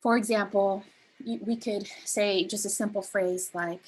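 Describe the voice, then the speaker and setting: A woman leading a beginner spoken word workshop, explaining delivery gently with frequent ums and restarts. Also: medium pitch, fairly even intonation, measured pace, slight background noise, low-quality recording. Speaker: workshop facilitator.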